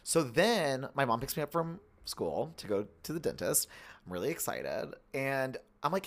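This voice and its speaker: Animated chatty man with a lively voice. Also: medium pitch, normal speed. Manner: animated, full of "like", acts out quoted voices. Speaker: podcast co-host. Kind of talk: casual chat, storytelling.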